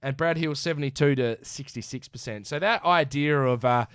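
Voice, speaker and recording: A man with an Australian accent co-hosting a casual sports podcast, reading off stats in an animated way and calling his co-host mate. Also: mid-range voice, normal speed, clean tone, no echo, studio quality. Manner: animated, rattles off stats, says mate a lot.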